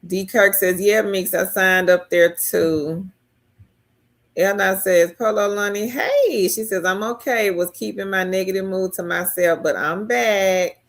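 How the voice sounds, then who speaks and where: Slow-talking woman hosting a live chat. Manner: reads viewer comments aloud and answers them, chatty; pitch leaps high when excited. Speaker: live stream host. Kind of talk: casual live-stream chat.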